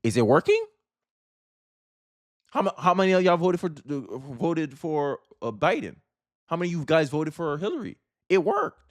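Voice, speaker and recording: A man's voice: a little high, sing-song, normal speed, pauses often. A man giving emphatic, informal political commentary in a vlog, often throwing rhetorical questions at his viewers.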